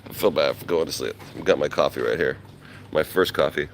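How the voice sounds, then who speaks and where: A man vlogging live outdoors in the early morning, rambling casually and greeting viewers, his voice rough from just waking up. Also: a bass voice, fairly quick, a little hiss or hum. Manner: rambling, laid-back, greets chat viewers by name. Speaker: travel vlogger. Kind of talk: casual live-stream chat. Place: outdoors in a quiet beach town in the early morning. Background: faint outdoor ambience.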